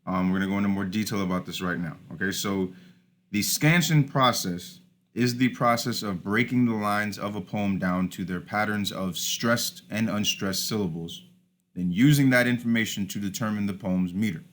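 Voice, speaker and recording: A man's voice: lowish voice, moderate pace, fairly bright tone. A man teaching a recorded lesson over slides, informal, often starting with "all right" and correcting himself.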